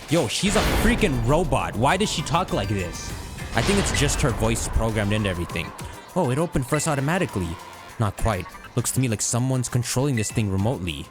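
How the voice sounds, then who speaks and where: A man's voice: medium pitch, very animated, fairly quick. A young man giving loose, joking let's-play commentary over game music. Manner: loose, joking, swears mildly. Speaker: gaming YouTuber.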